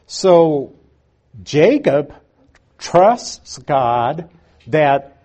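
A man giving a Bible lesson in an unhurried, explanatory way, reading scripture aloud and stressing key words, with a few dry asides. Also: a little high, darkish tone. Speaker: Bible teacher. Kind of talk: Bible teaching.

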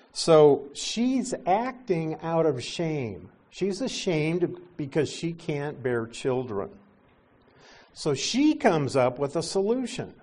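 A middle-aged male pastor teaching a sermon, explaining scripture with gentle asides. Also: medium pitch.

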